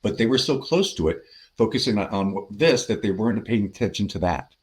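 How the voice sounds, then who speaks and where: A man's voice: fairly low pitch, a little fast. A man, a podcast guest and sales consultant, telling workplace anecdotes in a conversational way and acting out the people he quotes. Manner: animated anecdotes, acts out quoted voices. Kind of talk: conversational storytelling.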